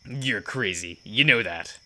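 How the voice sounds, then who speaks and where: A man voicing Ken, a gruff cursing biker. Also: fairly low pitch, lively intonation, pushed and bright, full character voice. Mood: softened. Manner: blunt, curses, halting apologies. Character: gruff swearing young male biker, guarded and brusque.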